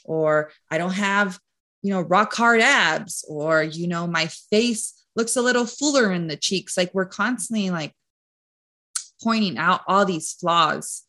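A woman coach chatting as a podcast guest, her voice bright and forward and sitting on the lower side of her range. She rambles warmly through her points, leaning on "like" and "you know". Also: a little slow. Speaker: nutrition and mindset coach, guest. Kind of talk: casual podcast chat.

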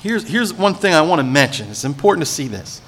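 A male pastor delivers an animated sermon in a slightly high, bright voice. His pitch leaps and falls as he moves between teaching and playing the characters in the text, with pointed sarcasm and calls for the congregation to respond. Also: brisk.

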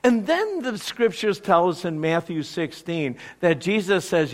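A man preaching a sermon, telling the story and acting out the quotes with lively energy. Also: sits high, measured pace, few pauses. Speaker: pastor.

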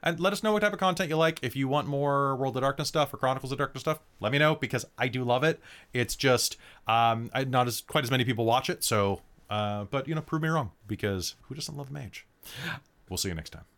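A man's voice: mid-range voice, a little fast, a bit bright. A man hosting a tabletop game stream and acting as game master, chatting casually with many fillers and restarts. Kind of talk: casual stream sign-off chat.

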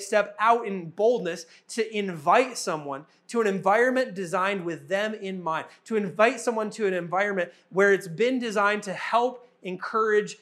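High-voiced earnest preaching man. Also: fairly bright tone. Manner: earnest, repetitive preaching cadence. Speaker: pastor. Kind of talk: sermon.

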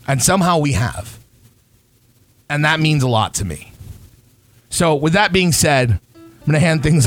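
A man hosting a podcast, talking casually and warmly about his group, rambling a little and swearing now and then. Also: mid-range voice. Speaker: podcast host.

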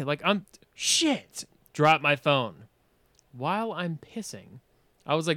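Bright-voiced man telling a wild story. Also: a little high, measured pace, no room sound. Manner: animated, swears a lot, laughs while telling. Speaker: podcast guest. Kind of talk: casual storytelling chat. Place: podcast studio.

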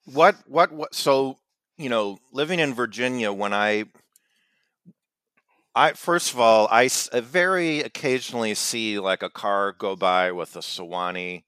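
A man's voice: medium pitch, unhurried, fairly bright tone, clean tone, no echo. A man co-hosting a casual podcast, talking in stumbling restarts that cut himself off mid-thought. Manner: stumbling, self-interrupting. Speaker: podcast co-host. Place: lives in Virginia.

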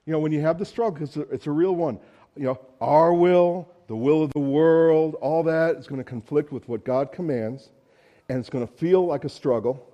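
A man's voice: a little high, normal speed, muffled recording. A man preaching a sermon in a conversational, storytelling way, with casual asides. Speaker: pastor.

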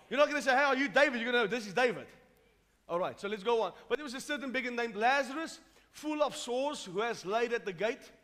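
A man from South Africa preaching a fervent sermon as pastor, rising from calm explanation to shouting. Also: very high-pitched. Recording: long hall reverb.

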